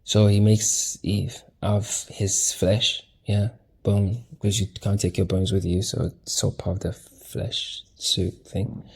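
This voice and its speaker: A man teaching in a loose, slangy, emphatic manner, scattering fillers as he talks. His voice is low and gravelly with a husky edge. The delivery stays casual and conversational throughout. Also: little pitch movement, slow, a little mellow. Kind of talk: casual spiritual lecture.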